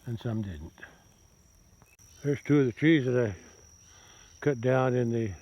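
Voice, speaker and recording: A man's voice: medium pitch, unhurried, muffled recording. A man farming outdoors in a pasture, casually narrating his work and chatting aloud to his cattle in a rambling way. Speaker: farmer. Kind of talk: casual self-narrated vlog.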